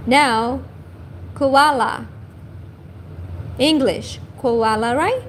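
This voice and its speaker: Brief: woman teacher, high animated voice, faint noise. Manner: slow, repeats each word for learners. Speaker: language teacher. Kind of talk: livestream language lesson.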